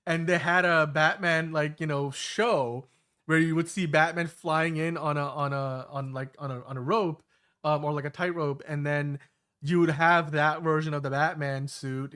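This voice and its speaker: Rambling male podcast host, slightly high. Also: fairly bright tone. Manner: rambling, many fillers and restarts. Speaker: show host. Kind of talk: casual podcast chat.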